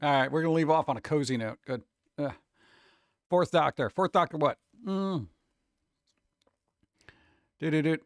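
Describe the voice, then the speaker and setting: A man's voice: fairly high pitch, normal speed, pauses often, dry recording, clean studio sound. A man chatting casually with viewers on a live stream, rambling, humming and scatting to himself, his throat a little sore.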